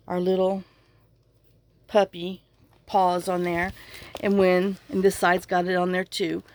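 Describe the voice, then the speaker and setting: Woman vlogger, casual to-camera talk, tearful, rambling with many restarts. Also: mid-range voice. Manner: rambling, trailing off and restarting often. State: tearful, fighting back crying. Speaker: journaling channel vlogger. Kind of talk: casual to-camera vlog chat.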